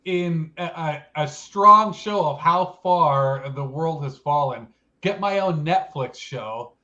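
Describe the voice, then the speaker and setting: A chatty, self-mocking man co-hosts a casual talk show. His voice sits a little high for a man, and the recording sounds dull and lo-fi. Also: animated, slow pace, bright, forceful tone. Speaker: co-host. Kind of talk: casual chat.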